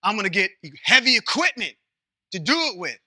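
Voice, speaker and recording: Man, bright tense voice, dry close sound, informal bible teacher, asks class questions, folksy comparisons. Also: high voice, sing-song, a little fast, no echo. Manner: conversational, asks the class questions, checks in with "Okay?"; uses folksy everyday comparisons.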